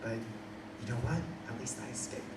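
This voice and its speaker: The recording is very noisy: a young adult Australian man, mid-range in voice and moderate in pace, performs stand-up in a small indoor coffee shop, telling a story with crowd work. It's captured distantly in a roomy space, with room ambience and audience laughter.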